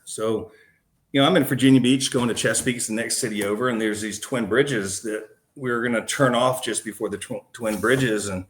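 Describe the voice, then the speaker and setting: A man's voice: mid-range voice, a little fast. A man, a podcast guest, recounting a personal story in a casual, slangy way. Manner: casual and slangy, calling the host man and dude.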